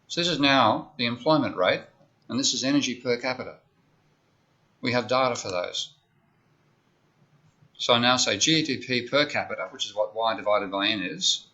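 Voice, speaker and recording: Bright-voiced man lecturing. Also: medium pitch. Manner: conversational, explains step by step with frequent "okay?". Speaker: economics lecturer. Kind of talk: university lecture. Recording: dull lo-fi lecture recording.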